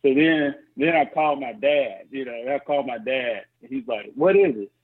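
A man in his forties, a podcast guest telling a hunting story over the phone, excited and stumbling over restarts. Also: moderate pace, breathy edge. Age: 40s. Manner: excited, stammering restarts, voice climbing high when emotional. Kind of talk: casual storytelling. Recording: tinny phone line.

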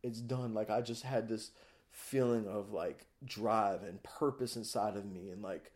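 Low-voiced man telling a raw story. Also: measured pace, darkish tone. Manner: raw, emotional, frequent fillers like "you know" and "like". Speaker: podcast guest. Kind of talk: candid personal storytelling.

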